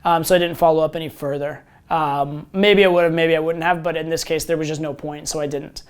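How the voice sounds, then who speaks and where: A man's voice: a little high, little pitch movement, fairly quick, clear, resonant tone. A man talking through text messages step by step, casual and full of "right?" as he coaches dating. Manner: explains step by step, reading out texts. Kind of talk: instructional monologue.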